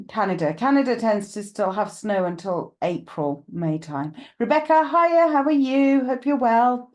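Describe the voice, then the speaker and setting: A woman's voice: a little high, sing-song, measured pace, darkish tone. A woman with a slight cough, hosting a live psychic stream from home, chatting casually and greeting viewers by name with rambling asides.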